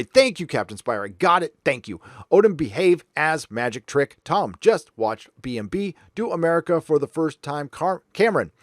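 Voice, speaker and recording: A man's voice: mid-range voice, dry recording, studio quality. A man hosting a livestream, reading out viewer super chats and thanking each one in a chatty, joking way. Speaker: livestream host.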